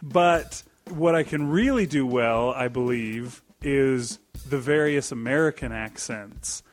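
A man's voice: mid-range voice, slow pace. Easygoing man in podcast chat. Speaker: podcast co-host and writer. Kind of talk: casual chat.

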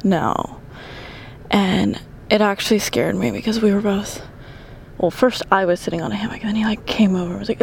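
A woman's voice: medium pitch, normal speed, gravelly, darkish tone, a little hiss or hum. A young woman telling a story in casual chat, profane, often dropping into whispered asides while doing squats.

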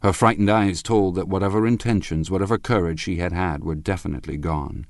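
Deep-voiced man reading a novel aloud. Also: no room sound, clean studio sound. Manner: measured, expressive first-person narration. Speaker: audiobook narrator. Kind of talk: literary audiobook reading.

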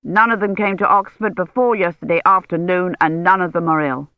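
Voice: medium pitch, steady tone, no echo, lightly acted. An audiobook reader voicing a tired older male academic who speaks carefully, in a dull, dry recording. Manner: measured, careful. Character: weary older male Oxford don, careful.

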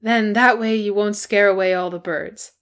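A woman voicing a gruff, grieving male dwarf in a storybook reading, with a growling, bitter manner. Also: medium pitch, fairly even intonation, normal speed, close to an everyday voice. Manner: growling, bitter then brightly teasing.

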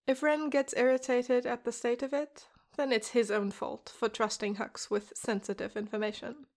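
A woman calmly reading a story aloud in a measured way. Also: on the high side. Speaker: podfic reader. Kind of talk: storybook narration.

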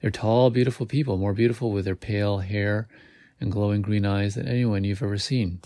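Gravelly low-voiced man reading aloud. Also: steady tone, a little fast, dark tone, no room sound, clean studio sound. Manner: casual reading with slips and self-corrections. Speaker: podcast host.

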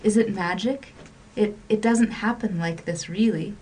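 A woman's voice: medium pitch, a little slow, a little mellow, distant mic, a little hiss or hum, natural voice. A woman voicing an impulsive young man in a radio story reading, speaking theatrical romantic lines and stammering.

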